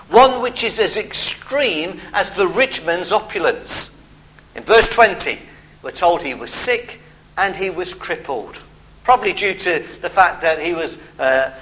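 High, bright-voiced preaching man. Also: poor audio. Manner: expressive preaching with emphatic pauses and asides. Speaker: pastor. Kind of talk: sermon.

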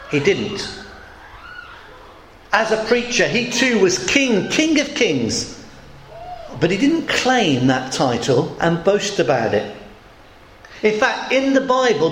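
A man preaching a sermon in a conversational way, asking his congregation questions and acting out quoted voices. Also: sits high. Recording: echoey hall with faint noise.

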